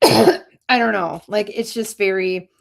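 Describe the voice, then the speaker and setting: A middle-aged woman, a teacher hosting a casual chat, animated and laughing often. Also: medium pitch, takes it slowly, creaky. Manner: animated, laughing, acts out kids' voices. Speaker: host, teacher.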